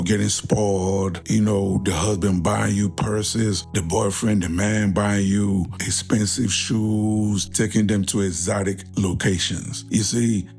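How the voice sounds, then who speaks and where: A man with a very low voice hosts a reaction show. He lectures his listeners like a preacher, calling them brothers and sisters, and faint music runs beneath him. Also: darkish tone. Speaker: host. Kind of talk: reaction commentary.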